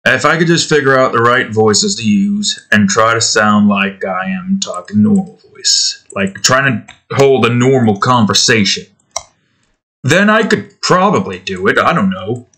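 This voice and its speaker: A man's voice: on the low side, animated, a little slow, pushed and bright. A man hosting his art channel, chatting casually while he draws, rambling and poking fun at himself. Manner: rambling, self-deprecating, restarting. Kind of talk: casual chat while drawing.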